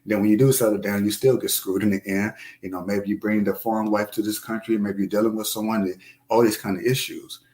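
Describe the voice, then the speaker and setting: Low-voiced man talking earnestly. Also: fairly even intonation, fairly quick, a little mellow. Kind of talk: casual chat.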